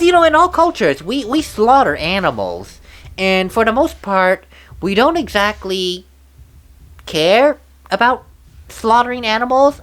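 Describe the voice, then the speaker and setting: A woman giving casual commentary while playing a video game, chatty and rambling, often restarting her sentences. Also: on the low side. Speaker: let's play commentator. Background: faint game music.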